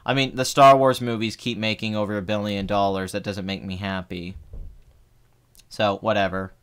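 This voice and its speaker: A man's voice: lowish voice, level tone, moderate pace, fairly bright tone, clear, resonant tone. A man in his twenties, hosting a film channel, ranting heatedly and with profanity in casual live stream chat. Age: 20s. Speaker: film review channel host.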